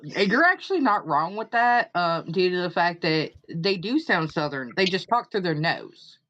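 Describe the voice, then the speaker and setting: Stream host, female, easygoing and slow, lo-fi mic. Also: lowish voice, a bit bright. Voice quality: unhurried, rambling with fillers. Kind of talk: casual chat.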